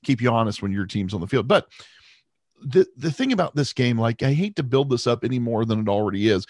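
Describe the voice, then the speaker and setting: A man co-hosting a sports podcast in casual chat, animated and self-deprecating, with frequent restarts. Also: mid-range voice, fairly quick, no echo. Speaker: podcast co-host.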